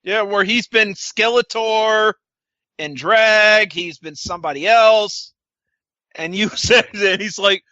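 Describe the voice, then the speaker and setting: Bright, high-voiced man recapping wrestling. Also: slow, dry recording, dull audio. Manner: sarcastic, swears, quotes wrestlers in put-on voices. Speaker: podcast co-host. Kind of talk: casual wrestling recap chat.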